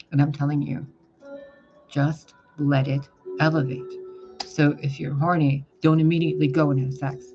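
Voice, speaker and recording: A man with a raised, gravelly voice talks bluntly and swears freely as a tarot reader in a casual advice vlog. The sound is dull and lo-fi, with loud music playing underneath. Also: a little high. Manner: blunt, profane, chatty.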